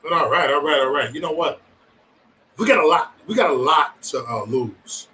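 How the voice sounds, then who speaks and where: Lively, bright-voiced man ranting on a livestream. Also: on the high side, moderate pace, far from the mic, a little hiss or hum, rough recording. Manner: profane, rambling banter, jokingly threatening. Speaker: livestream host. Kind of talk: casual livestream chat with viewers.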